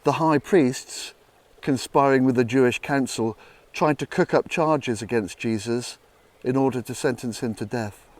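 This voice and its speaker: A man's voice: measured pace, no echo. Man narrating a Bible story dramatically. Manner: dramatic, hushed low passages.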